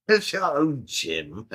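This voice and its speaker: A man hosts a relaxed livestream chat and takes his time over each thought. He is playful and jokey and laughs a lot as he reacts to his viewers. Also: fairly high pitch, husky.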